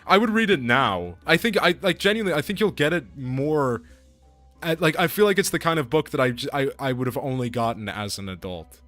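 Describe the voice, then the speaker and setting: A young man chatting over his gameplay, his voice at a middle pitch, rambling and excitable as he restarts his sentences and swears freely. Faint music plays underneath. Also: a little fast. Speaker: streamer. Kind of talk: casual gameplay commentary.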